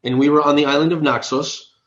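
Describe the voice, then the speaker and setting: A man's voice: on the high side, fairly even intonation, a little fast, highs cut off. Man telling a story in a roomy room. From United States. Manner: conversational, often checking in with "right?" and "okay?". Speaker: app co-founder, guest. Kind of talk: casual storytelling in a podcast interview.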